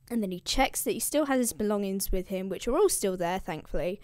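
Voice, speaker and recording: A woman's voice: medium pitch, expressive, a little fast, few pauses, dry recording, clean studio sound. A young woman who hosts a show explaining the classics, retelling an epic in a casual, irreverent, slangy way.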